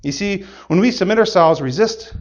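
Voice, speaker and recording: A man giving a playful, animated object lesson to children, exclaiming and laughing as he goes. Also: high-pitched, normal speed, dull audio. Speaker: children's gospel magician.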